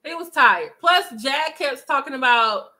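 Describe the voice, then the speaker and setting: A woman recaps the gossip for her viewers, chatty and animated. She talks to them directly. Her voice sits high and bright. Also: measured pace. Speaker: commentary vlogger. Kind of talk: casual gossip commentary.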